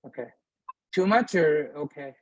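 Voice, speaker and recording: Teaching beginners live in a mosque classroom, this Arabic teacher is patient and keeps checking whether his students follow along. He has a fairly high, expressive voice and a measured pace, recorded at low quality with no echo.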